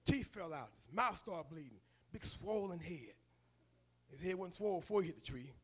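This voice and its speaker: High-voiced preacher telling a story. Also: male voice, expressive, normal speed, a bit bright, husky. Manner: colloquial storytelling. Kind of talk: sermon.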